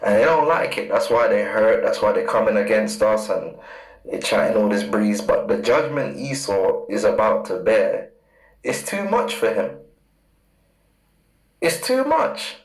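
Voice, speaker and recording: A man preaching fiercely from scripture, hammering points with repetition and reading verses slowly. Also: lowish voice. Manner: emphatic, repeats key words, reads verses slowly. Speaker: street preacher. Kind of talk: fiery scripture teaching. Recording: roomy echo.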